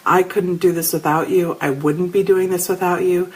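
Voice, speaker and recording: In a rough recording of her spiritual live show, a middle-aged woman speaks in a husky voice on the low side at a moderate pace. She tells animated stories and talks casually with viewers, addressing each by name.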